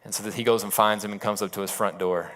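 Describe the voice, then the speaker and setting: A man's voice: fairly low pitch, fairly even intonation, fast talker, a bit bright. A man preaching a sermon as a pastor, retelling a story in a casual, conversational way with asides.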